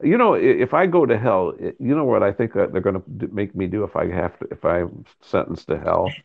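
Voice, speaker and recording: A man's voice: low-pitched, lively intonation, a little fast, creaky, phone-quality sound. A male host who jokes and teases his guest in casual chat. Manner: teasing, joking interviewer.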